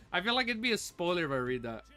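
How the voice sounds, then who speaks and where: A man hosting a livestream reaction, chatting excitedly with viewers and his puppy. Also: high voice, normal speed, soft background music. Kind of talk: casual livestream reaction chat.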